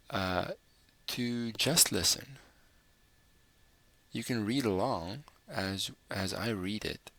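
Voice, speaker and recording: A man teaching a recorded language lesson, patiently saying each word and repeating it slowly. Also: fairly low pitch, creaky, bright, forceful tone, no room sound. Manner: patient, spells out words slowly and repeats them.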